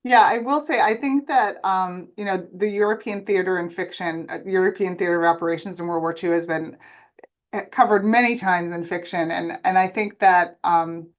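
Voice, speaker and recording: A woman's voice: fairly low pitch, steady tone, normal speed, lo-fi sound. Heartfelt woman hosting a podcast. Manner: heartfelt, earnest. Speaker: podcast host. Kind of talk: casual interview chat.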